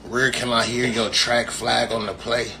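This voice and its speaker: A man's voice: medium pitch, level tone, moderate pace, vocal fry, noisy background. A man from California talking casually to viewers, rambling and profane, full of slang and repeated phrases. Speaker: streamer. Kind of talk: casual rambling live talk.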